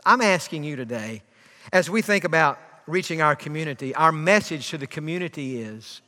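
A man preaches a sermon in a drawl, his high voice swelling with passion before dropping to a near whisper. The sound is bright and ringing. It carries the long reverb of a church sanctuary. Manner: impassioned preaching, swelling then dropping to a hush. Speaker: pastor.

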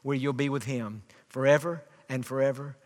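A man preaching a sermon as pastor, rising with passion and falling to a hush. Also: medium pitch, fairly even intonation, moderate pace. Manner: impassioned preaching, swelling then dropping to a hush. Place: church sanctuary. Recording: long reverb of a church hall.

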